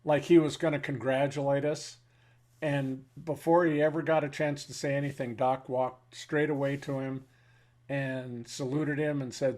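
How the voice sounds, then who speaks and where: A man in his seventies, a veteran interviewee telling war stories in a halting way, with pauses and fillers, then blunt and wry. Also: medium pitch, little pitch movement, a little mellow. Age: 70s. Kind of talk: reflective war storytelling.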